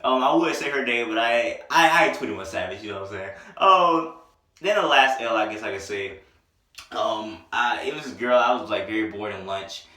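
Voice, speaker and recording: A man's voice: medium pitch, lively intonation, normal speed, bright, forceful tone, distant mic. A young man vlogging, telling laid-back, rambling, self-mocking stories in casual talk. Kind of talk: casual storytelling to camera. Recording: echoey room, voice off from mic.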